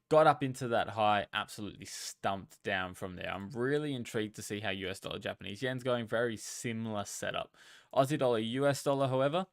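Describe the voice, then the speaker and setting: A man's voice: fairly low pitch, fairly bright tone, no echo, studio quality. A young man hosting a casual trading livestream, chatting with viewers and greeting them by name. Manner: chatty, reads out viewer names and talks to chat. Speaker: livestream host. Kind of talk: casual live-stream market commentary.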